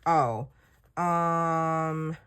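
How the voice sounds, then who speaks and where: Low-voiced woman rambling candidly. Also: fairly even intonation, drawn-out words, a bit bright, clear, resonant tone. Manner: rambling, candid storytelling with quoted dialogue. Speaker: journaling creator. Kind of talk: casual chat while journaling.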